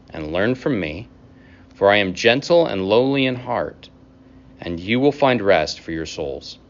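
A man preaches a sermon, talking to the congregation like he is chatting with friends, with casual asides and quick laughs. His voice sits on the low side. The recording is a bit dull and lo-fi. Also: fairly bright tone. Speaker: pastor.

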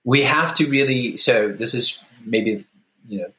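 A man's voice: mid-range voice, unhurried, pushed and bright, roomy sound, slight background noise, rough recording. A man speaking as a guest author on a podcast, reflective and thinking aloud with fillers. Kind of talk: conversational podcast interview.

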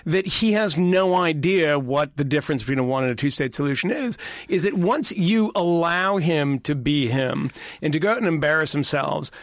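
A man with a slightly high, gravelly voice riffs on politics in loose podcast chat. He rambles, restarts and repeats words as he goes. The sound is dry and close. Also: lively intonation, no echo. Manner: rambling, fast, self-interrupting with repeated words. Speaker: podcast panelist.

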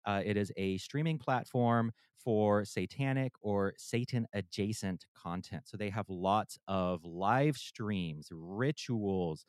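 A male podcast host talks from a room at home in a low, smooth, resonant voice. He is candid and chatty and pokes fun at himself. The sound is close and dry, with no room echo. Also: slow pace, hardly any pauses. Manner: candid, chatty and self-deprecating. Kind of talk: casual podcast intro and sponsor read.

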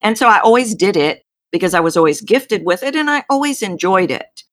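A middle-aged woman with a Texan accent, a voice coach explaining her work in an interview with emphatic, animated delivery. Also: medium pitch, brisk, no room sound, clean studio sound. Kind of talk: interview storytelling.

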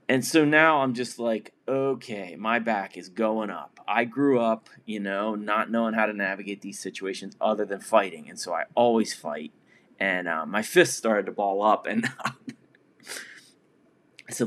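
A man in his forties tells a personal story in a loose, rambling way. His voice sits somewhat low, and he leans on fillers and chuckles at himself as he goes. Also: lively intonation, normal speed. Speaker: podcast host in recovery.

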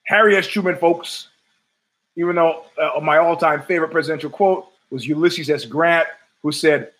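A man's voice: a little high, moderate pace, fairly bright tone, low-quality recording. A man hosting his own show from home, ranting in a profane, sardonic and digressive way. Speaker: podcast host. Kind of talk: ranting solo commentary.

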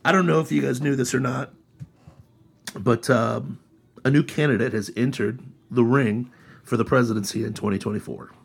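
Husky guy hosting a political podcast, sarcastic, mocking, talks animated. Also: medium pitch, moderate pace. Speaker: podcast host. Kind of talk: casual political chat.

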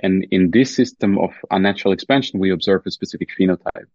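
A man's voice: sits low, fast talker, a little mellow, husky, no room sound, highs cut off. A man with a German accent explaining research carefully as a podcast guest, with many fillers and restarts. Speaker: guest scientist. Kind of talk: podcast interview.

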